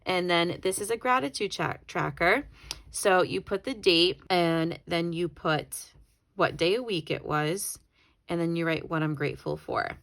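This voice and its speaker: During a relaxed planner flip-through, a YouTuber rambles and corrects herself, and is briefly tearful. Her lowish voice is creaky and a bit bright, and she speaks at a measured pace.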